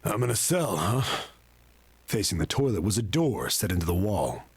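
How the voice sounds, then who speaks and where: A man's voice: on the low side, sing-song, normal speed, husky, full character voice. A man reading a visual novel aloud, voicing a dazed young man who wakes up locked in a cell, in a wry, muttering way. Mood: groggy. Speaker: reader of the game text. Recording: loud game music behind.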